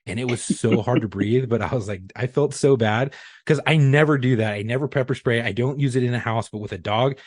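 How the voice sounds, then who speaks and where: His voice is medium in pitch, brisk and darkish, recorded dry through a studio podcast mic. The man, once a police chief, wanders through a profane podcast story crowded with fillers.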